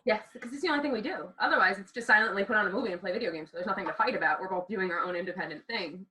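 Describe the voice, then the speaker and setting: A woman guest on a podcast, chatting casually and teasing her best friend deadpan. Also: mid-range voice, rapid-fire, recorded from a distance, rough recording. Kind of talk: casual chat.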